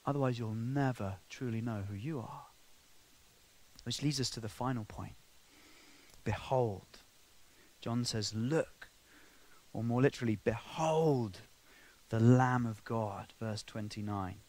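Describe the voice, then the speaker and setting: A man preaching a sermon, conversational and full of asides, swinging from quiet, intimate remarks to loud, emphatic passages. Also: mid-range voice, steady tone, unhurried, pauses often.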